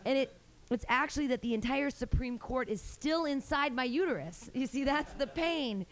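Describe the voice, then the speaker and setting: A woman's voice: high voice, animated, moderate pace. A young woman hosting a small live comedy show and performing a stand-up set in a brash, rambling, self-mocking way, full of fillers and restarts. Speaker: comedy host and stand-up comic.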